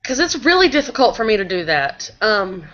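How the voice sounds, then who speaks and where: A woman's voice: medium pitch, sing-song, fairly quick, fairly bright tone. Casual woman on a lo-fi laptop call. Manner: casual and practical, with filler words. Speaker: co-host of a blogging webinar. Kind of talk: casual live webinar chat. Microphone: laptop video call. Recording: dull lo-fi laptop call audio.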